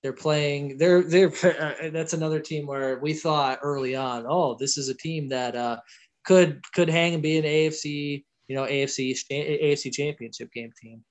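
A man's voice: a little high, fairly even intonation, moderate pace. A man co-hosting a live football show, talking casually with many hesitant restarts. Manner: hesitant, lots of restarts, wry. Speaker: podcast co-host. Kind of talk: casual sports prediction chat.

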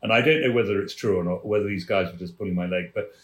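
A man, a theatre producer telling anecdotes on a chat show, animated and laughing as he goes. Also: low voice, rapid-fire, reverberant. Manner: animated storyteller, laughing mid-story.

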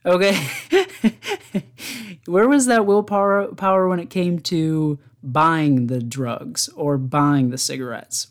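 A man's voice: a little high, darkish tone. A man hosting his own podcast alone, telling rambling stories in casual chat and often laughing at them. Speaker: podcast host.

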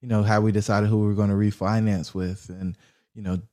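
A man in a podcast interview, telling a story with lively energy and acting out the people in it. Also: fairly low pitch, a little fast. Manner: animated storyteller acting out quoted dialogue. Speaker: real estate investor guest.

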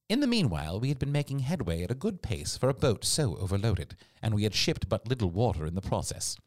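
A man narrating a classic adventure story in an expressive storytelling read. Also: fairly low pitch, quick pace, few pauses, no echo, clean studio sound. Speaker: audiobook narrator. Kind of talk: scripted narration.

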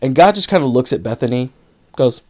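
Man, podcast host, casual rambling film recap, mid pitch, lots of fillers. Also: animated, a little fast, darkish tone. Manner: rambling, laughs often, filler "like".

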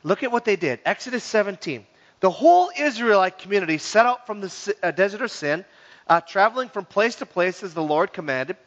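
A man's voice: high-pitched, a little fast. A man preaching a sermon as pastor, joking and acting out the people's grumbling. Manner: lively, joking, acts out grumbling voices. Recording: dull sound in a reverberant hall.

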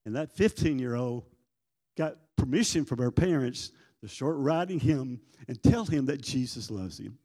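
Older man with a drawl, folksy testimony, mid-pitched, in a church with long reverb. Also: animated, normal speed, dark tone. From Arkansas. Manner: folksy storytelling, acts out voices in quotes. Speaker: prison ministry guest speaker. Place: church sanctuary.

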